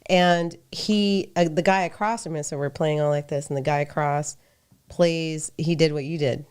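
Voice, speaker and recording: A woman's voice: deep voice, fairly even intonation, normal speed, a little mellow, smooth. A woman guest on a podcast, telling a story casually and animatedly, laughing often.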